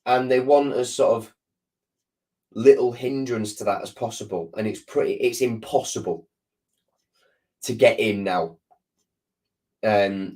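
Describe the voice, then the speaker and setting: Man, sore throat, low-ish voice, rambling casual live-stream chat. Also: a little mellow. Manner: rambling, lots of restarts and ums. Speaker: football fan channel host.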